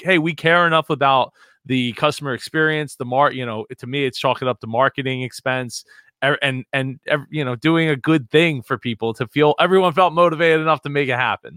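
A male podcast host with a bright, forward tone who circles around his points, restarting sentences as he goes. The sound is close and dry, with no room around it. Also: fairly high pitch, brisk, clear, resonant tone, no echo. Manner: rambling, hesitant, many restarts. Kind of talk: casual podcast conversation.

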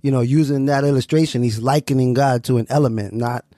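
A man's voice: medium pitch, steady tone, fast talker, warm tone, dry recording. A man co-hosts a casual podcast with a mid-range voice. He sounds laid-back and keeps his remarks short. The sound is dry. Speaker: podcast co-host. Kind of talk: casual theological discussion.

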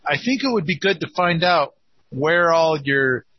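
A man's voice: on the high side, animated, measured pace, lo-fi sound. A man hosting a casual call-in chat, speaking in a playful, teasing way. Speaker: host.

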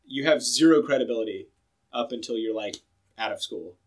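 A man's voice: mid-range voice, brisk, breathy edge. A young man co-hosting a podcast, chatting casually and animatedly, acting out quotes and saying "like" a lot. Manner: animated, acts out quoted voices, filler-heavy. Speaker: podcast co-host.

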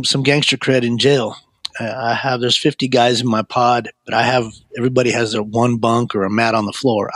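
Man, mid-range voice, earnest storyteller, halting repeats, dry booth-like sound. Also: medium pitch, fairly bright tone, dry recording. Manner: earnest, frequent stammered repeats. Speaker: guest sharing his life story. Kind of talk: personal testimony storytelling.

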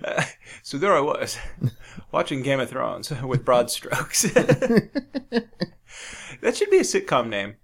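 A man co-hosting a podcast in casual chat, crude and joking, laughing often and breaking into loud impressions. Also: mid-range voice, big pitch swings, slow pace, creaky, long pauses. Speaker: podcast co-host.

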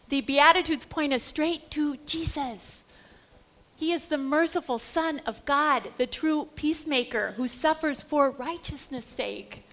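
A woman with a high voice leads a Bible lecture. She delivers it dramatically, rising to loud exclaiming and dropping to hushed, whispered asides. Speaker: Bible teacher. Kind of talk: animated lecture.

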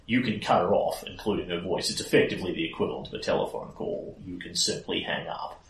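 A man narrating as game master of a tabletop game, explaining events in a relaxed way. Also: low voice, fast, vocal fry. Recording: echoey room, mic at a distance.

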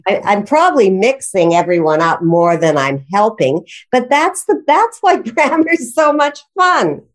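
A woman's voice: mid-range voice, big pitch swings, a little slow. A woman who teaches writing and grammar, explaining rules with enthusiasm in a conversational interview, often laughing. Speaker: grammar and writing instructor, guest.

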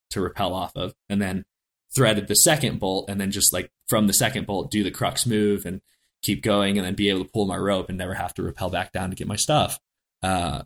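A man, a guest on an interview show, telling a story in a casual, rambling way and laughing often. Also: low-pitched. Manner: rambling, laughing, acts out quoted lines.

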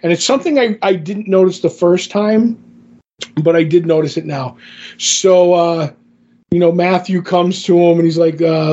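High-voiced man recapping comics excitedly. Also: moderate pace, dull audio. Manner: excited, rambling, acts out quotes. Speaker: podcast co-host. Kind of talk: casual comic book recap.

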